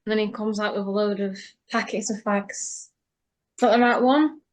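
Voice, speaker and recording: A woman's voice: medium pitch, steady tone, normal speed. A woman co-hosting a podcast, chatting casually and chiming in with short agreements. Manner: brief agreeing interjections. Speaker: podcast co-host. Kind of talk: casual chat.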